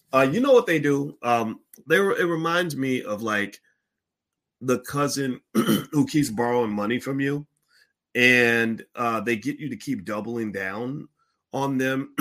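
A man's voice: medium pitch, a bit bright. A man hosting a finance livestream, chatting casually with many fillers and restarts. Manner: chatty, frequent fillers, flares up in mock outrage. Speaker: finance show host.

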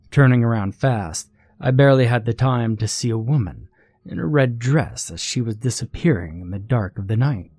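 A man narrating a first-person horror story in a steady, measured storytelling voice. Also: mid-range voice, no echo.

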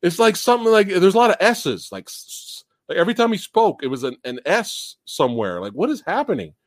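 Animated, high-voiced male movie host. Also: quick pace, no echo, clean studio sound. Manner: animated, laughing, emphatic. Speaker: show host. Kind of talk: casual livestream movie talk.

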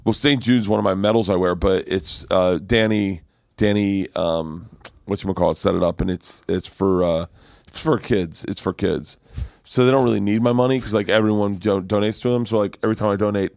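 A man who is a comedian, chatting casually, profane and animated, often jumping into voices. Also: lowish voice, brisk, vocal fry, no echo, clean studio sound. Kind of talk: casual podcast chat.

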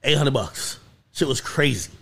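A man hosting a podcast, telling a story in casual chat with lots of swearing and excited peaks. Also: mid-range voice, unhurried, creaky, slightly rough. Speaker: podcast host.

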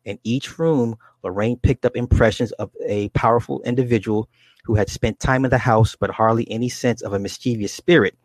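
A man reading a book aloud and adding his own commentary, with halting restarts and asides to his listeners. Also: medium pitch, steady tone, dry recording. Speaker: reader and commentator.

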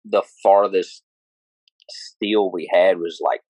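A man, a range officer, talking in a halting, casual way with many fillers. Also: sits low, steady tone, darkish tone, no echo, low-quality recording. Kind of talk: casual chat.

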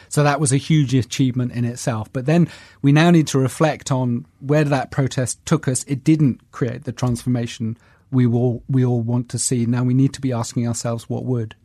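A man's voice: mid-range voice, dark tone, no echo, studio quality. A man as an interview guest, speaking articulately and earnestly in a casual conversation.

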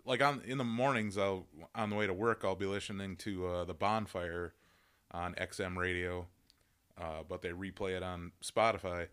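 A man's voice: sits low, fairly even intonation, moderate pace, a bit bright, clear, resonant tone. A man co-hosting a casual podcast, swearing often and laughing as he talks. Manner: profane, laughing, does mocking impressions. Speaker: podcast co-host. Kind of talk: casual banter.

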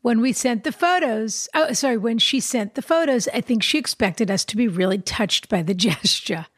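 A woman co-hosting an advice podcast reads a listener's letter aloud and jokes with her partner between lines. Her voice sits a little high and she laughs easily. The sound is dry and close. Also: expressive, normal speed, no room sound. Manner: playful, chatty, laughs easily. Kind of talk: casual chat and letter reading.

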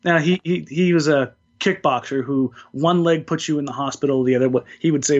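A man's voice: fairly high pitch, a little fast, hardly any pauses. A man co-hosting a podcast, talking sports in a loose, jokey way with many restarts. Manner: talkative, jokey, frequent restarts. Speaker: podcast co-host. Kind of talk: casual sports chat. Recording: dull lo-fi sound.

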